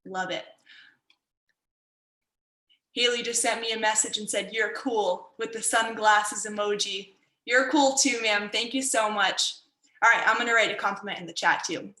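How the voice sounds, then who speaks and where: A woman's voice: medium pitch, fairly even intonation, moderate pace, pushed and bright, echoey room, low-quality recording. A woman martial arts instructor teaching an online workshop for kids in an upbeat, encouraging way, over a video call.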